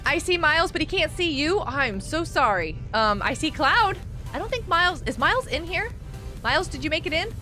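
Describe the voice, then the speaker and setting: A woman streams a game live, her voice high and swooping up and down as she chatters. She reacts excitably to the game and to viewers in the chat. Faint music plays underneath her. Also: fairly quick. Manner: excitable, chatty, reads viewer chat aloud and thanks people. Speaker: live-stream gaming host. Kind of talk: casual live-stream chat while gaming.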